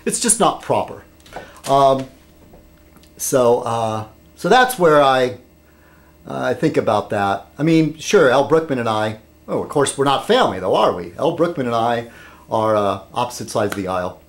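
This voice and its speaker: A man's voice: medium pitch, expressive, normal speed. A man vlogging in a casual, rambling way about local politics, often digressing and checking in with "okay?".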